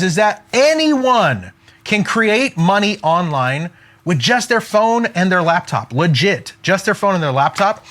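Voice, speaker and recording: A middle-aged man coaching online entrepreneurs in an energetic, emphatic talk, peppered with "like" and "okay?". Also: high-pitched. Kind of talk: motivational direct-to-camera talk.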